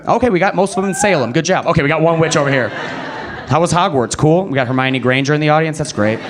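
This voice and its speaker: A man's voice: quick pace, a crowd in the background. A young man performing a stand-up comedy set at a comedy club, telling a story and acting out quoted voices. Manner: animated storytelling, acting out quotes with pitch jumps. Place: comedy club stage before a live audience.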